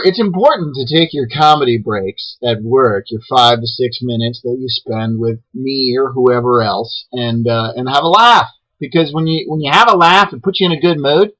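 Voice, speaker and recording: A man hosting his own web show, delivering a rambling deadpan comic monologue full of restarts and hesitations. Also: fairly high pitch, low-quality recording.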